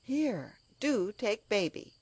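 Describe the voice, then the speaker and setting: A woman's voice: mid-range voice, very animated, slow pace, a little mellow, breathy edge, no echo, voice pushed up, heavily acted. A woman voicing a weary young girl in a storybook reading. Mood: tired.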